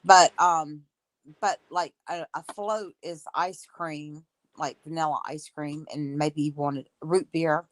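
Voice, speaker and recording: A woman with a Southern American accent who explains things in a rambling, hesitant way, full of fillers. Her voice sits on the low side for a woman, and it sounds dry and close, with no room echo. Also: fairly even intonation, slow pace. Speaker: co-host. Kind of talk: casual chat.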